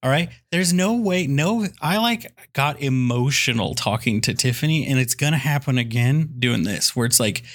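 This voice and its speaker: A man co-hosting a podcast, riffing through loud comedic rants about a movie remake and putting on mock voices. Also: medium pitch, lively intonation, normal speed, few pauses. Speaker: podcast co-host. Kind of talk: comedic movie review banter.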